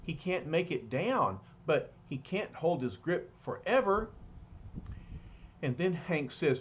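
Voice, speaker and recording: A man's voice: on the high side, big pitch swings, slow pace. A man reading a comic book aloud in a hesitant way, with fillers and restarts, on a slightly dull, lightly noisy recording.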